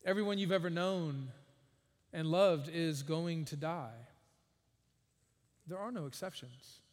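Man preaching a sermon, earnest n emphatic w/ dry jokes, voice a bit high, big echoey hall. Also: slow. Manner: earnest, emphatic, with wry asides. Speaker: pastor.

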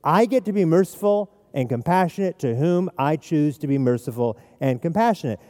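A man's voice: a little high, animated, brisk, warm tone, long reverb tail. A man preaching an expository sermon as pastor, emphatic and repeating his key phrases.

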